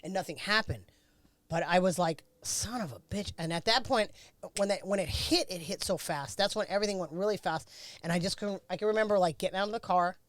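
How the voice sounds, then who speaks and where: A woman's voice: lowish voice, fast talker, no echo. A middle-aged woman, a former race car driver, bluntly recounting a crash in a candid interview, swearing freely.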